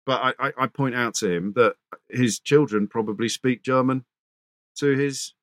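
A man's voice: mid-range voice, normal speed, dry recording, clean studio sound. A man who works as a radio presenter, telling anecdotes as an interview guest, fluent but full of restarts and acted quotes.

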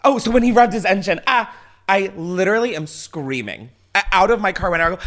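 A man hosting a podcast, telling stories in a loud, animated, swearing, laughing way. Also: high voice, moderate pace. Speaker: podcast host. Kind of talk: casual chat.

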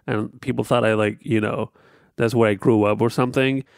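A man's voice: mid-range voice, steady tone, moderate pace, creaky, a little mellow, no room sound, studio quality. A man in his thirties whose first language is not English, chatting casually as a podcast co-host. He talks in loose restarts and often opens with "I'll say this.". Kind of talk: casual chat.

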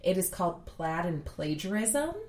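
A woman with a low voice chats cheerfully as a librarian guest, clearly keen on the topic. The sound is roomy and echoey. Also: big pitch swings, moderate pace, a little mellow. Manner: cheerful, enthusiastic. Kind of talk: casual chat.

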